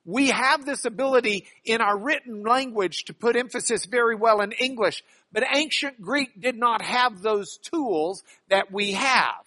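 A man's voice: very high voice, a little slow, few pauses, bright, forceful tone, dry recording. A man who works as a trial lawyer teaching a class from slides, folksy and emphatic, with joking asides.

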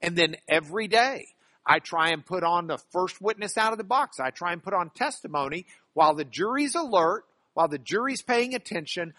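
Bright, high-voiced man teaching a class. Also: lively intonation, a little fast, no echo. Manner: folksy, emphatic, joking asides. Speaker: teacher and trial lawyer.

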